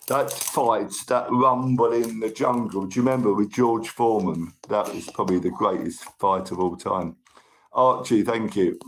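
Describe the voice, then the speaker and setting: A man's voice: mid-range voice, fairly bright tone, a little hiss or hum, rough recording. A man hosting a casual livestream, chatting with viewers and thanking them by name, with a tickly cough. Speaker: livestream host. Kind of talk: casual live chat reading viewer comments.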